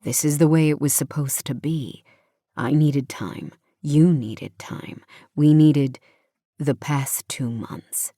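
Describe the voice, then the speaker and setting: A woman doing a hushed, tender young man. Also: slow, no echo, clean studio sound. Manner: hushed, often whispered, low and gentle. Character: tender young adult man, soft-spoken lover. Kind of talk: audiobook character voice.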